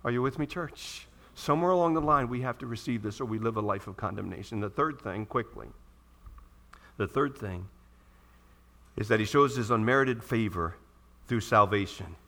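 A male pastor preaching a sermon to his church, animated and acting out the voices of people pleading for forgiveness. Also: medium pitch, moderate pace.

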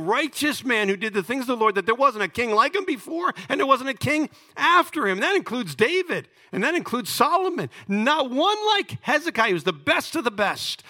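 Delivering a sermon, a man recounts a Bible story with high-pitched, theatrical delivery, shifting from booming emphasis to quiet asides.

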